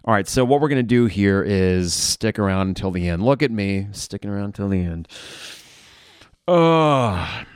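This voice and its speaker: Blunt, low-voiced podcast host. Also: male voice, a little fast, few pauses, clean tone, no echo, clean studio sound. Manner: frustrated, blunt, swears, flares into shouting. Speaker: podcast host reacting to a live game. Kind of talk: live game reaction podcast.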